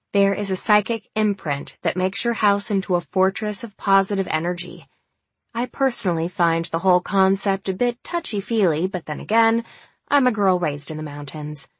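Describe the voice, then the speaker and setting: A woman narrating a first-person novel aloud, in a measured, wry reading voice. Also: lowish voice, no room sound. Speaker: audiobook narrator.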